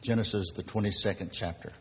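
Male pastor, sermon delivery, lowish raspy voice, long church reverb. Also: fairly even intonation, fast talker, a little hiss or hum. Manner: earnest preaching, rising emphasis on key words. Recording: dull lo-fi sound in a reverberant hall.

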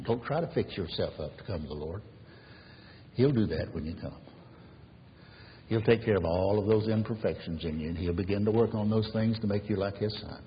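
A man preaching a sermon as pastor, earnestly, rising loud and then falling to a near whisper. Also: on the low side, normal speed, a little hiss or hum. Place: church sanctuary. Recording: dull reverberant church recording.

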